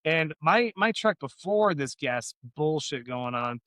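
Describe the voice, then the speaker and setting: A man's voice: on the high side, expressive, unhurried, fairly bright tone, clean tone, no echo. A man co-hosting a podcast, telling long profane stories in a loose, rambling way. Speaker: podcast co-host. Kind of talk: casual podcast chat.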